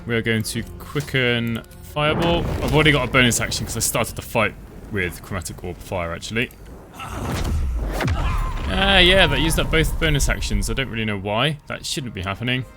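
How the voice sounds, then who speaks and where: A man giving relaxed, chatty commentary over his own gameplay, thinking aloud as he plays. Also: mid-range voice, moderate pace, over music. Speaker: gaming channel host.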